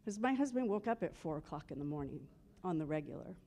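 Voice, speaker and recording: A woman's voice: sits low, animated, fast talker, dark tone, a little hiss or hum. A woman giving a eulogy for her husband at a memorial service, telling humorous stories and acting out old conversations. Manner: humorous, acts out remembered conversations.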